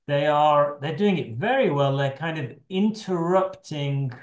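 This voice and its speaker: A man's voice: fairly high pitch, lively intonation, unhurried. A middle-aged man leading an online teacher training session, talking loosely with frequent restarts over a video call. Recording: echoey room on a video call.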